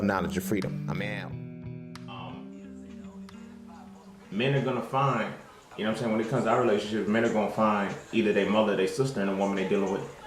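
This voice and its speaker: A young man hosting his own show, talking in a casual monologue full of slang, swearing and fillers. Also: on the low side. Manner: profane, streetwise slang, frequent fillers. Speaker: host. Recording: roomy echo.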